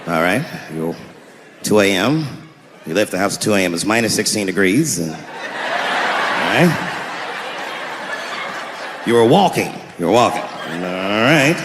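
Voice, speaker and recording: A man voicing a slow, dull middle-aged police officer taking a report in a deep, plodding way. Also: animated, very noisy. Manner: plodding, deliberate questioning. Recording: live hall recording with crowd ambience.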